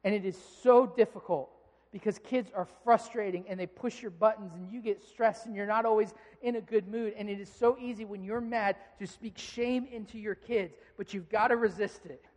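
In a large hall with long reverb, a pastor in his thirties with a high voice preaches at a normal pace. He is earnest and direct, and his stories build into acted-out anger with rising heat.

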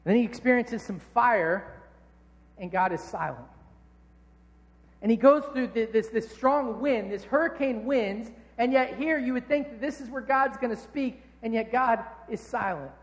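A man's voice: very high-pitched, normal speed, long reverb tail. A man preaching a sermon in a casual, conversational, jokey way.

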